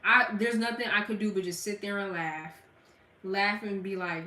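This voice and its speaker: Talking straight to her chat in a blunt, slangy way, this young Southern woman from the Gulf Coast laughs a lot during her casual livestream. Her voice is medium-pitched, steady, bright, and forceful at a normal speed, recorded from a distant mic in an echoey room.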